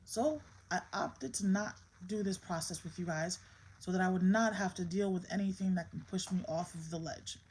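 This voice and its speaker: A woman's voice: lowish voice, normal speed, a little mellow, slight background noise, rough recording. A woman in her thirties recording a candid vlog, venting about her troubles and firmly scolding her child. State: emotionally strained. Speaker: mother and vlogger. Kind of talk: candid vlog talk to camera.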